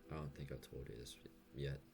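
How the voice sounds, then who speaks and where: A young man talking softly and hesitantly in a late-night confessional vlog, stuttering and pausing as he goes. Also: extremely low pitch, level tone, creaky, over music. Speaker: vlogger.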